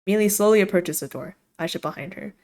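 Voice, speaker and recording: A woman's voice: mid-range voice, fast talker, creaky, darkish tone. Giggly woman streamer narrating a visual novel. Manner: giggly, with frequent laughter between narration.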